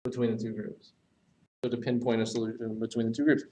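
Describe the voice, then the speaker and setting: A man teaching essay structure, talking while he writes on a board and pausing to correct himself. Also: mid-range voice, little pitch movement, mellow, recorded from a distance, a little hiss or hum, poor audio. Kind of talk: recorded writing lesson.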